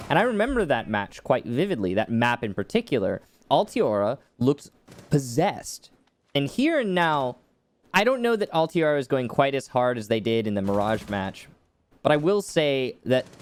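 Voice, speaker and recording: A man casting an esports match with quick, wry play-by-play commentary. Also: medium pitch. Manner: quick, wry play-calling with dry jokes. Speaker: esports caster.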